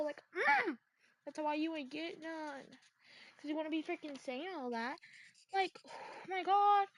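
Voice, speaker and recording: Very high-voiced woman ranting. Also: takes it slowly, long pauses. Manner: animated, exasperated ranting with constant "like" fillers. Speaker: vlogger. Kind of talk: casual ranting vlog.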